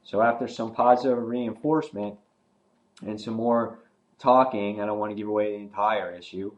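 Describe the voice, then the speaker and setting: A man's voice: lowish voice, steady tone, normal speed, muffled recording. A man reviewing a comic book in a casual, rambling way, with many fillers and restarts.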